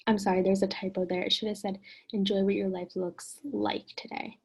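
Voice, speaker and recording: Gentle encouraging woman teacher, husky voice. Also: mid-range voice, flat delivery, brisk. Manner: gentle, encouraging, often asks the listener. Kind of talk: online lesson.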